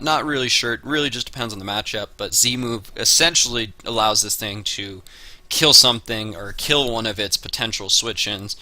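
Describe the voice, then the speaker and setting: A man's voice: lowish voice, bright, forceful tone, no echo. A man giving a casual spoken analysis of his draft picks, working through lists with frequent "uh" and "um" fillers. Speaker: Pokemon draft league player.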